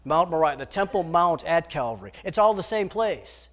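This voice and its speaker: A man preaching a sermon in a dramatic, emphatic manner, swinging between loud declarations and hushed storytelling. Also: fairly high pitch, very animated, normal speed.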